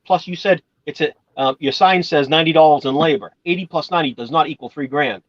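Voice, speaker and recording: A man's voice: a little high, quick pace, no room sound, dull audio. A man from Massachusetts chatting casually, rambling through stories and swearing now and then. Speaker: channel host. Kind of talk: casual chat.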